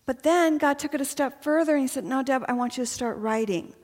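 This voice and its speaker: A woman's voice: high-pitched, fairly quick, darkish tone. A woman giving a personal faith testimony to a women's gathering, chatty and earnest and laughing often. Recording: long hall reverb.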